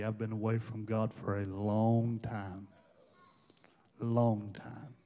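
A man's voice: on the low side, mellow. A man preaching a sermon as a pastor, with a fervent delivery and folksy storytelling. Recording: reverberant hall with music behind.

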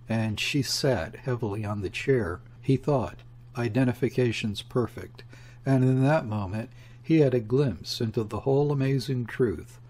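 A man reading a classic novel aloud as an audiobook narrator, in a steady, unhurried way. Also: mid-range voice, breathy edge. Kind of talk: measured literary narration.

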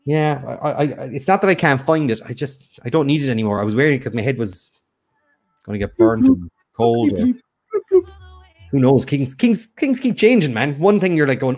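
A man's voice: mid-range voice, sing-song, brisk, darkish tone. A man co-hosting a live quiz stream, chatting casually and teasing his partner, often restarting his sentences. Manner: teasing, rambling, many restarts. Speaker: quiz show co-host.

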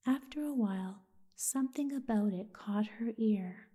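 A woman telling a sleep story in a soft, soothing whisper. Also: mid-range voice, measured pace, slightly rough.

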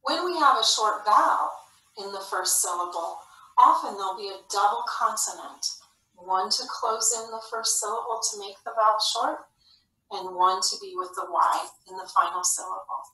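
A woman teaching a phonics lesson to young children, speaking slowly and clearly with an encouraging classroom manner. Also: medium pitch, big pitch swings, sharp tone. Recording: echoey room, slightly far from mic.

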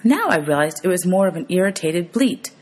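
A woman's voice: on the low side, animated, brisk, a little mellow, breathy edge. A woman teacher reading a novel aloud for students, steadily narrating and calling out page numbers.

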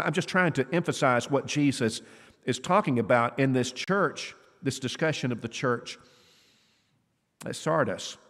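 A man preaching a sermon in an earnest, conversational way, asking his listeners questions. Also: mid-range voice. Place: church auditorium. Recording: long reverb of a church hall.

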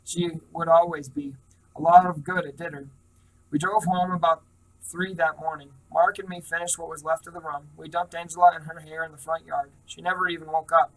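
A man reading a first-person novel aloud in a steady, plain manner, with small slips. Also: on the high side, a little fast, far from the mic, low-quality recording. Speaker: reader.

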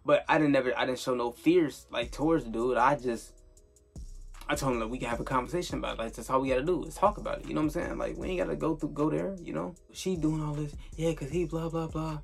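A man's voice: mid-range voice, fast talker, gravelly, slightly rough, faint music behind. A young man telling a casual storytime vlog, rambling and swearing, with lots of filler tags. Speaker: storyteller vlogger.

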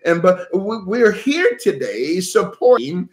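A man's voice: high-pitched, very animated, slow, reverberant, voice pushed down, full character voice. A man putting on a mocking impression of a woman politician who rambles in word salad. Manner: mocking, meandering, softer delivery.

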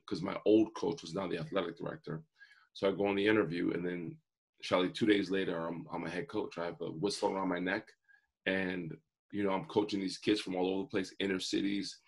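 A man's voice: low-pitched, level tone, a little fast, gravelly, husky. A man in his forties, a guest telling his life story in an earnest, vivid way. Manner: earnest, vivid storyteller who acts out quotes. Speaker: guest, motivational speaker. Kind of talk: personal storytelling in an interview.

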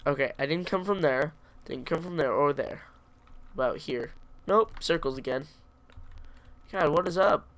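Talking back to the in-game creatures, a let's play gamer gives chatty, jokingly self-pitying commentary on his own playthrough. His voice is on the high side with a fairly bright tone.

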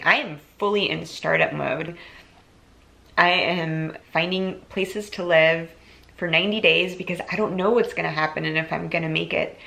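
A woman in her thirties vlogging to camera, earnest and emotional, talking warmly to her viewers with bits of laughter. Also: lowish voice, gravelly. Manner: earnest, tearful, chatty with laughs. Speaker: YouTuber and influencer.

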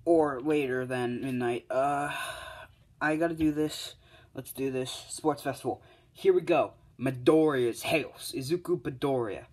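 A young man at home late at night tells his fan story off the cuff, full of fillers, restarts and hummed placeholder sounds. His voice sits at a middling pitch. He records on a handheld device. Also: a little slow, a little mellow. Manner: rambling, filler-heavy, hums placeholder sounds. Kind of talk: casual spoken fan story. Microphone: tablet or other handheld device.

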